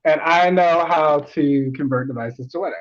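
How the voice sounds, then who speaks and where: A man co-hosts a loose spiritual chat over a video call, fairly high for a man. He jokes easily and rambles, leaning on ums and restarts as he searches for words. The line is a little dull and lo-fi. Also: normal speed. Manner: chatty, joking, rambling with many fillers. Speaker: co-host. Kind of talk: casual spiritual chat on a live stream.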